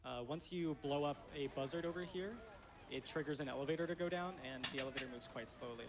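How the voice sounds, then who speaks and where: A man giving relaxed, casual commentary on his part of a speedrun. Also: fairly high pitch, quick pace, background noise.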